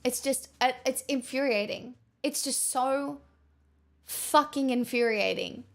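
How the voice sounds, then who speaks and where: A woman's voice: sits high, takes it slowly, gravelly. Angry, sweary woman streamer. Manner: angry, swearing, mocking sarcastic. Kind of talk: casual commentary on news.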